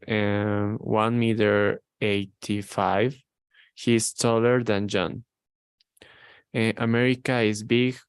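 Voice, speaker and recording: Low, smooth-voiced male student reading hesitantly; dry, close recording. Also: no echo. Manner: hesitant, reads slowly with many ums. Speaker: language student. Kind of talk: reading aloud in a lesson.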